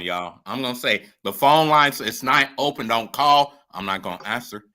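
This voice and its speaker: A man's voice: mid-range voice, lively intonation, moderate pace, hardly any pauses, sharp tone, faint music behind. A man hosting a live show who interviews a guest and speaks straight to his viewers about the phone lines and the comments. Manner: emphatic and profane, addresses viewers directly.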